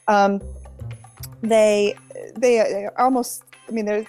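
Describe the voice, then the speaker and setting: A woman's voice: mid-range voice, fairly even intonation, darkish tone, faint music behind. A middle-aged woman from New England chatting casually about a TV show, often restarting her sentences. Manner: halting, many restarts. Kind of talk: casual chat.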